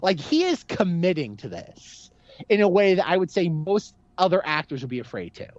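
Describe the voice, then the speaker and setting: Animated man on a film podcast, muffled audio. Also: sits high, normal speed, no echo. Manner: rambling, heavy use of "like", lively impressions. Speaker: podcast co-host. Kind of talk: casual film discussion.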